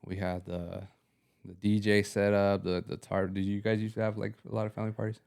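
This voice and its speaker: Man, young adult, low voice, smooth tone, casual podcast chat. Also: level tone, brisk, a little mellow. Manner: slangy, laid-back storytelling with laughs. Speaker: podcast co-host.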